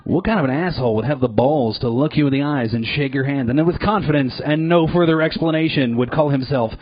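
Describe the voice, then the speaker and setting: A man's voice: mid-range voice, fast talker, no echo. Profane man doing live stand-up. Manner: profane, animated, jumps into loud put-on voices. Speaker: stand-up comedian. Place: comedy club stage. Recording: dull lo-fi live recording.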